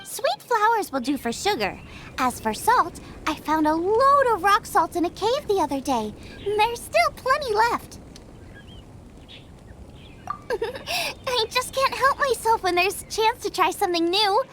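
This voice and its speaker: Bubbly young chef, high lively voice, food-obsessed, eager, game character. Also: female voice, normal speed, slight background noise, full character voice. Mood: excited. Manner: bubbly, enthusiastic, rambles about recipes. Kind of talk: game cutscene voice acting. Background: background music.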